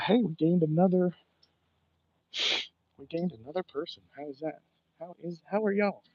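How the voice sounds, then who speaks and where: Man, rambling livestream, cursing a lot, a bit out of breath, slightly high voice, dull dry phone audio. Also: a little slow, dry recording. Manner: profane, rambling, ranting. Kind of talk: casual walking livestream. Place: outdoors, walking by a waterfront.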